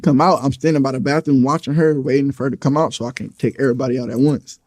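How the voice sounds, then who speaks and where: A man's voice: medium pitch, steady tone, fast talker, darkish tone. A young man telling a story in a blunt, profane, casual way, often acting out what people said. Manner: blunt, profane, recounting events with acted quotes. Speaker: storyteller in an interview clip.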